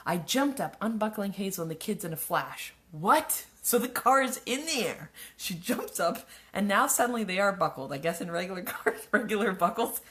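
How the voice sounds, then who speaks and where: A woman's voice: mid-range voice, lively intonation, normal speed, few pauses, fairly bright tone. A woman reading her own childhood story aloud, breaking off for wry, sarcastic asides. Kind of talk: live reading with mocking commentary.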